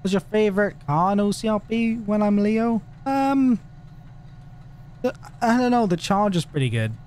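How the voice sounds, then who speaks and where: A man's voice: high voice, expressive, moderate pace, a little mellow, slight background noise. A man chatting casually with his live viewers, joking and laughing often. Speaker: livestreamer.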